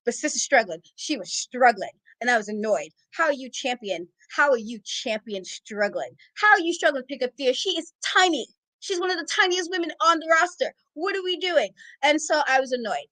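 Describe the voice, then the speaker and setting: A woman co-hosting a casual wrestling talk show, ranting in a sassy, exasperated, animated way. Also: high-pitched, dry recording, low-quality recording. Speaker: podcast co-host. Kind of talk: casual wrestling recap rant.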